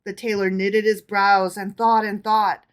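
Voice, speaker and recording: A woman co-hosting a casual book club podcast, reading folk tales aloud with animated delivery and chatty asides. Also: mid-range voice, a little slow, smooth.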